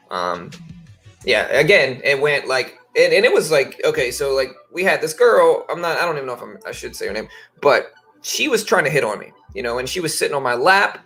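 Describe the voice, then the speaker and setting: Thirties male streamer, faint Louisiana accent, bright and forward tone, loose rambling delivery, soft music underneath. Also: mid-range voice, creaky. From Baton Rouge, Louisiana. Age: 30s. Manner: rambling, laid-back, says "bro" and "you know". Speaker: trading livestream host. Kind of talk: casual livestream chat. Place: home office.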